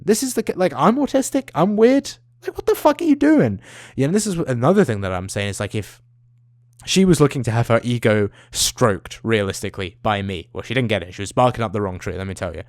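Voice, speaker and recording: A man's voice: fairly low pitch, a little mellow, no room sound, studio quality. A young man, ranting into the camera, swearing often and trailing off into tangents. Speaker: vlogger. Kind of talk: profane rambling rant.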